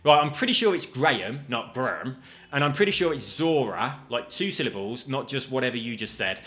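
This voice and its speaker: A man giving let's-play commentary on a video game. He is chatty and jokey, swears casually and makes asides to his viewers, and his voice sits at an ordinary middle pitch. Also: expressive, fairly quick, fairly bright tone. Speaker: gaming video host.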